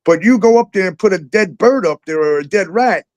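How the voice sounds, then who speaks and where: A man hosting a casual talk show, animated and profane, laughing often and acting out exchanges as he tells stories. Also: high-pitched, a little fast, dull audio. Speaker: show host. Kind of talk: casual podcast chat.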